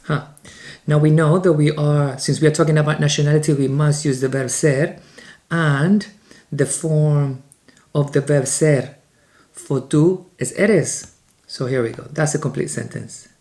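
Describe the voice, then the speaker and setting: A man from Spain with a Spanish accent, teaching a beginners' language lesson in an upbeat way, slowing down for the example sentences. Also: on the high side, fairly even intonation, a little mellow.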